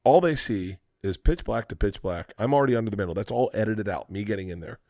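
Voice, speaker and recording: A man in his forties telling a long story on a podcast, animated and profane, laughing through it. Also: on the low side, fast talker, no room sound, clean studio sound. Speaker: podcast host. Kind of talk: casual storytelling chat.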